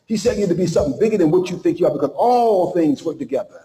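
High-voiced impassioned male preacher, echoey. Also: lively intonation, dark tone. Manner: impassioned, preaching with dramatic pauses and acted-out quotes. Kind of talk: sermon.

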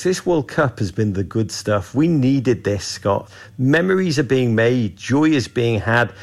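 Gravelly man with grand, theatrical delivery. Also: medium pitch. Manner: grandiose, theatrical, sweeping rhetoric. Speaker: soccer commentator guest. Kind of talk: interview commentary.

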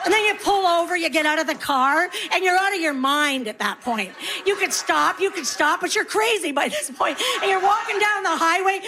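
A middle-aged woman performing a stand-up comedy routine, telling animated stories and acting out the voices of the people in them. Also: very high voice, brisk, hardly any pauses.

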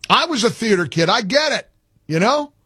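A man's voice: sits high, sing-song, normal speed, sharp tone, husky, dry recording, clean studio sound. An older man hosting a radio talk show, emphatic and incredulous, often repeating phrases. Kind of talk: opinionated talk radio monologue.

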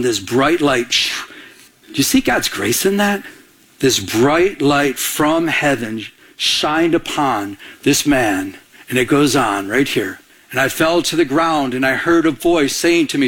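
A man's voice: a little high, moderate pace, breathy edge. A man preaching a sermon to a congregation, asking for amens and acting out the scripture he quotes. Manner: animated preaching with audience call-outs and acted-out quotes. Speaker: pastor.

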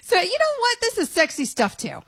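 A woman's voice: extremely high pitch, wildly swooping pitch, a little fast, a bit bright, dry recording. A woman hosting a sports radio show in a studio, chatting casually in a playful, teasing way and laughing easily. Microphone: studio microphone.

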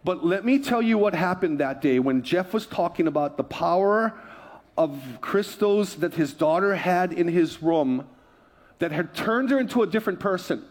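A male pastor preaching a sermon in a church, telling stories in a conversational, joking way. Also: high voice. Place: church sanctuary.

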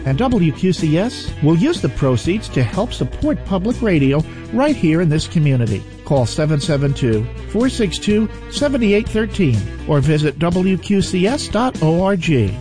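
A man reading a radio ad in a lively, promotional voice. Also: a little high, moderate pace, hardly any pauses. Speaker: announcer. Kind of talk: radio ad read. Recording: radio spot with music bed.

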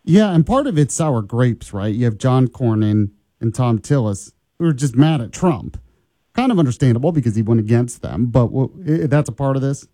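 A man's voice: medium pitch, lively intonation, moderate pace, warm tone, no echo. A man hosting a political talk show, chatting and asking follow-up questions. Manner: conversational, asks follow-up questions. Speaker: show host.

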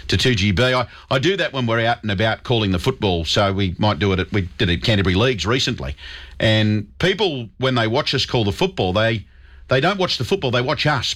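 A man's voice: medium pitch, fairly bright tone. A man with an Australian accent hosting talkback radio, chummy and upbeat, calling callers mate. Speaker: radio host. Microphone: studio microphone.

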